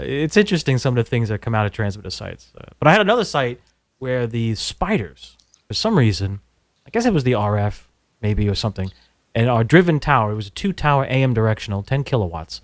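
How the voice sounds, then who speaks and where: A man speaking at a middle pitch, recorded close and dry. He chats casually about radio engineering in a wry manner, wandering into tangents with plenty of ums. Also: no echo. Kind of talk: casual chat.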